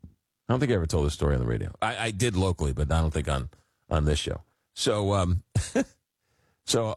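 Animated New man hosting radio. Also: sits low, normal speed, dry recording. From Long Island, New York. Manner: rambling, animated storyteller with many fillers. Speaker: radio talk show host. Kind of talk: casual call-in radio chat. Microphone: studio microphone.

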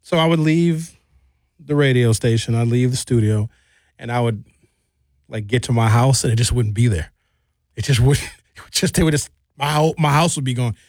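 A man's voice: moderate pace, long pauses, a little mellow, dry recording. A man from Milwaukee hosting a radio show, rambling and joking in casual studio chat. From Milwaukee, United States. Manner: rambling, joking, swings pitch for effect.

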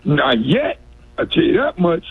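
New guy calling in, rambling and stammering, husky voice, sounds like it's coming over a phone. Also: fairly high pitch, huge pitch swings, unhurried. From New York City. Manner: rambling, stammering, repeats himself. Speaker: caller. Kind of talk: rambling call-in story. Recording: tinny phone line.

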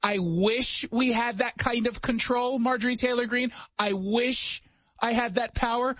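A man hosting a radio talk show, chatting casually with sarcastic jokes and quick asides. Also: extremely high pitch, steady tone, a bit bright, no room sound. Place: radio studio.

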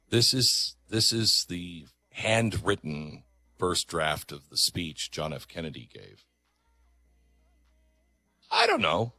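A man hosts a talk radio show, ranting with plenty of sarcasm. His bright, slightly husky voice climbs and falls across a wide, lively range. He speaks into a close microphone in a dry room. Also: sits low, takes it slowly, pauses often, no room sound. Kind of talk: opinionated talk radio monologue.

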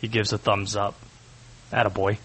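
A man's voice: fairly low pitch, level tone, moderate pace, fairly bright tone, breathy edge, rough recording. A man hosting a sports talk radio show, opinionated and joking as he takes on the topics.

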